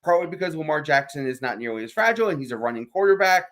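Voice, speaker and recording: A man co-hosting a sports radio show, talking in an animated, emphatic way with frequent restarts. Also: fairly high pitch, very fast. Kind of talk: casual sports talk.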